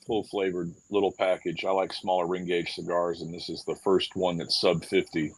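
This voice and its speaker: A man who makes cigars, pitching a new product in relaxed, steady casual talk. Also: dry recording, low-quality recording. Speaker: cigar maker guest.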